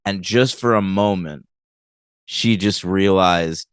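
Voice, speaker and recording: A man's voice: low voice, slow pace, smooth, dry recording, studio quality. A man co-hosting a podcast, chatting casually and animatedly as he recaps a TV episode, teasing his co-host and laughing often.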